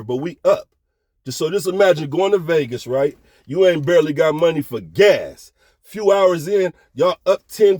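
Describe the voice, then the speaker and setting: A middle-aged man telling a story in a casual, animated way, heavy on slang, and often checking that the listener is following. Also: fairly high pitch, no room sound, studio quality.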